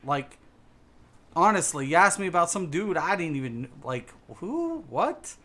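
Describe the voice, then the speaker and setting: A man with a slightly high, sharp, very animated voice rants at a measured pace during a casual gaming stream. He swears a lot and keeps saying the same things over.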